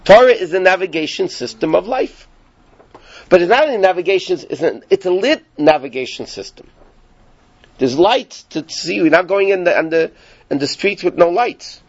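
Guy teaching a torah class, high voice, animated, dry muffled sound. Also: moderate pace, no room sound. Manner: animated, rhetorical questions.

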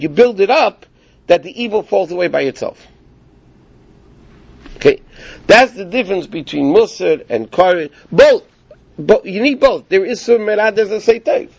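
High-voiced man explaining to a class. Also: no echo, highs cut off. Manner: explanatory, rhetorical questions, checks in with listeners. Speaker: rabbi teaching a class. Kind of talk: informal Torah class. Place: small evening class with few listeners.

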